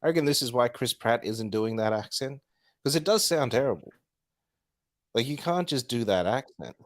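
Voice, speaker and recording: A man co-hosting a podcast, chatting casually, animated and rambling with the odd swear word. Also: medium pitch, normal speed. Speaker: podcast co-host. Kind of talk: casual chat.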